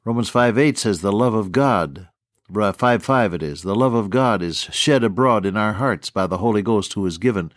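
A man's voice: lowish voice, normal speed, no echo, studio quality. Folksy older radio Bible teacher, man. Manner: folksy, chuckling, storytelling.

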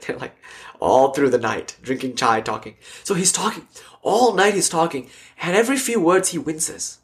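Animated man telling stories in a lecture. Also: fairly high pitch, normal speed. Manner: animated storytelling, acts out quotes. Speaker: spiritual teacher. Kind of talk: casual lecture. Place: class with online audience.

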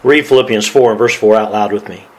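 A man's voice: fairly low pitch, fast, low-quality recording. A man preaching as a pastor, reading scripture aloud and laughing often. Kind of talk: sermon.

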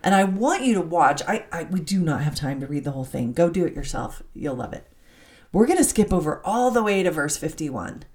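A woman teaching from the Bible in an animated, excitable way, laughing as she reads scripture aloud. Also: sits low, brisk.

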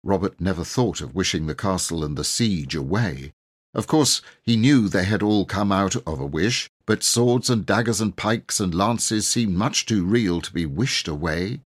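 Male audiobook narrator, deep husky voice, lively intonation. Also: unhurried. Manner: expressive, lively reading. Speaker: audiobook reader. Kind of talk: storybook narration.

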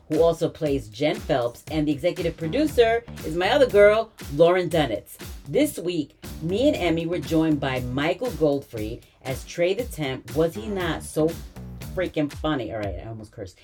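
A woman's voice: sits low, expressive, moderate pace, darkish tone, faint music behind. A woman podcast host reading the credits in a chatty, playful way with teasing asides. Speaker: podcast host and improv actor. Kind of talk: upbeat credits read and improv chat.

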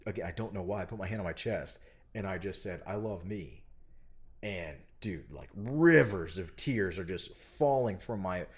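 A man, a parent, telling a personal story in casual conversation, earnest and animated, getting loud when he quotes himself. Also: low-pitched, normal speed, breathy edge. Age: adult parent. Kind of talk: casual chat.

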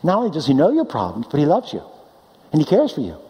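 Animated preacher man in reverberant hall. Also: quick pace, highs cut off. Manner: animated, swings between loud high declaiming and low quiet asides. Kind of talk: sermon.

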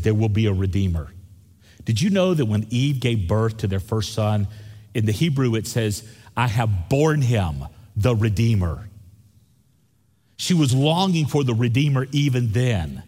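A man preaching a Christmas sermon, telling stories slowly with repeated phrases. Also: medium pitch, darkish tone, breathy edge, long reverb tail. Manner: slow storytelling with repeated phrases. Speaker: pastor.

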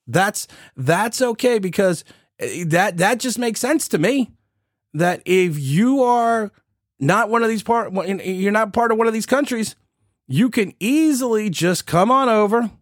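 A man's voice: high voice, expressive, takes it slowly, long pauses, no room sound, studio quality. A man in his forties hosting a podcast, giving sarcastic, incredulous political commentary with mocking asides. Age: 40s. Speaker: podcast host.

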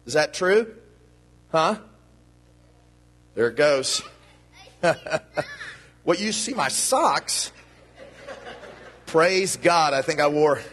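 A man with a fairly high pitch and fairly bright tone gives a children's sermon in a church, speaking to the kids playfully and warmly. The recording carries the long reverb of a church hall.

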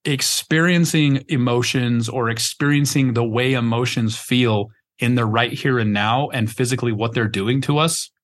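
A man's voice: medium pitch, fairly even intonation, normal speed, few pauses. Rambling, emphatic man hosting a podcast. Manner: rambling, emphatic, searching for words with many restarts; swears casually. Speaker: podcast host. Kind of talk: casual podcast conversation.

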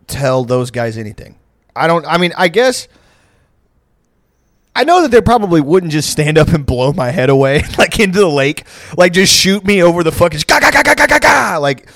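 A young man with a voice on the high side, recorded with no room sound, co-hosts a podcast. He tells profane, rambling comic stories and laughs a lot in casual comedic storytelling.

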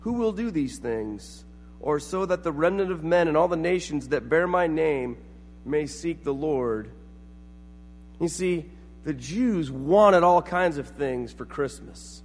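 High-voiced man preaching in a reverberant hall. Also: lively intonation, slow, slight background noise. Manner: storytelling with acted-out quotes. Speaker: pastor. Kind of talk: sermon.

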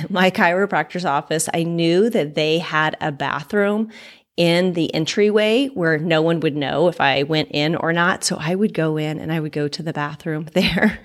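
A woman's voice: deep voice, measured pace. A woman fitness trainer hosting her own podcast, telling her story candidly and chattily, laughing often with frequent ums.

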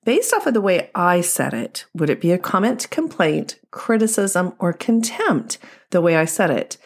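A woman's voice: on the low side, sing-song, moderate pace. A woman couples therapist giving an instructional talk, explaining ideas step by step through examples.

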